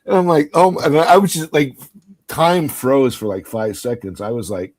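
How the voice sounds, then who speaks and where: A man in his fifties telling an animated story in casual chat, acting out quotes and laughing. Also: medium pitch, normal speed.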